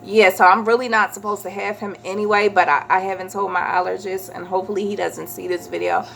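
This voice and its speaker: A woman, chatting casually as a vlogger and telling a story with animated quoted voices. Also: mid-range voice, quick pace, vocal fry, slight background noise.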